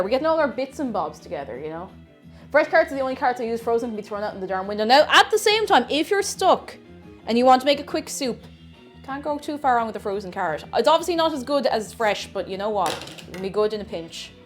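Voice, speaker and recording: Casting: woman, somewhat high, very animated voice, chatty livestream cook. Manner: chatty, greets viewers, laughs at herself. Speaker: streamer. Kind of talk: casual chat while cooking on a livestream.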